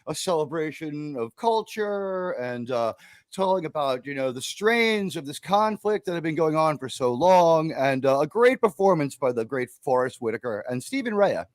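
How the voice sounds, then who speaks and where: A man's voice: fairly high pitch, expressive, normal speed, dry recording. A man on a panel show, talking about films in a wry, mock-earnest way. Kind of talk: casual panel chat.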